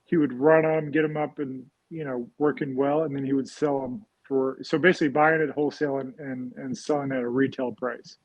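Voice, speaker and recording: A man's voice: medium pitch, fairly even intonation, brisk, hardly any pauses, dry recording, lo-fi sound. A man talking casually as an interview guest, rambling and often adding "right?" after his points. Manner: rambling, frequent "right?" tags and fillers. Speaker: guest real estate investor.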